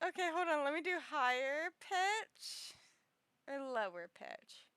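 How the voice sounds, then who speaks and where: A young woman streamer chatting casually with viewers in a high, girlish voice, rambling and giggling with frequent restarts. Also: sing-song, takes it slowly, fairly bright tone, no echo. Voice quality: high, girlish voice others have called annoying.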